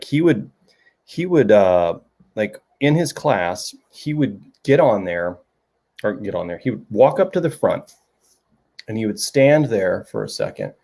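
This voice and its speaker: A man's voice: fairly low pitch, a little mellow. A middle-aged man hosting a casual chat show, telling a rambling story with many restarts. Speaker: show host. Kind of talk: casual chat to a live audience.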